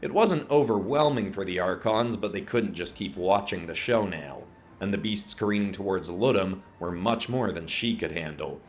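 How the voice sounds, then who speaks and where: Male narrator, steady and dramatic, lower voice. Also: normal speed, soft background music. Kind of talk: scripted story narration.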